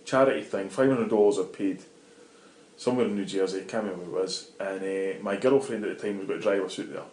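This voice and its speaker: A middle-aged Scottish man, a guest in an interview, telling animated anecdotes in casual talk and swearing freely. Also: sits low, fast talker. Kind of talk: casual storytelling. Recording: roomy echo.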